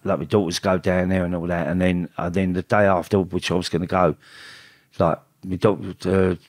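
This is a middle-aged man, speaking in a fairly low register. He tells a personal story haltingly, restarting and repeating his words. The sound is close and dry, with no room echo. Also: little pitch movement. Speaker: guest.

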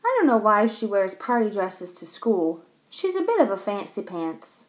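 A woman reading a children's story aloud, pausing to explain things to young listeners. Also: mid-range voice, expressive.

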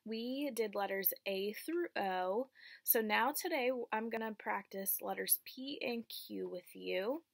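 A young woman teaching a preschool phonics lesson, slow and encouraging, asking children to repeat after her. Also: medium pitch, gravelly, no room sound, studio quality.

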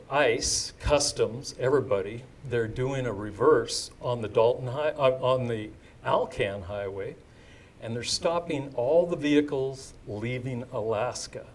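A man's voice: medium pitch, darkish tone. An older man telling a story to a live audience, chatty and digressive, with asides to the crowd. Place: indoor event before a live audience.

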